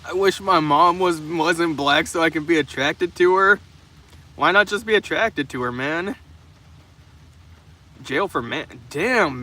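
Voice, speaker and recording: Rambling young male streamer, bright voice. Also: fairly high pitch. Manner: rambling and profane, with many stammered restarts. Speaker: live streamer. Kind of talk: casual chat answering viewers' comments. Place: outdoors, sheltering in the open trunk of a car in the rain. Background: faint rain and passing traffic.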